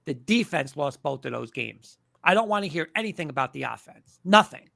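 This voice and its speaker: A man's voice: fairly high pitch, animated, fairly quick, vocal fry, a bit bright, dry recording, studio quality. A man hosting a live sports talk show, ranting emphatically about his team and mocking fans' opinions.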